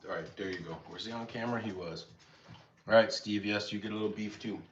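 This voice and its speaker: A man's voice: quick pace, a little hiss or hum. A young man hosting a casual cooking livestream, chatting easily with viewers and talking to his dogs. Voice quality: easygoing, rambling and chatty. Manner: talks to his dogs in a higher voice. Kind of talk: casual live chat with viewers. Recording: slightly dull lo-fi sound.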